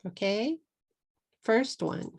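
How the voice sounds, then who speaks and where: A middle-aged woman from Texas with a Texan accent, teaching an English pronunciation lesson slowly and deliberately, repeating words for learners. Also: fairly high pitch, expressive, gravelly, slightly rough.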